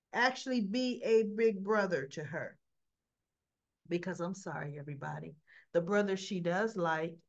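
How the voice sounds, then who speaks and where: Recapping a soap opera episode, a chatty woman briefly voices the characters when quoting them. Her medium-pitched tone is fairly bright, heard through a slightly dull, lo-fi recording.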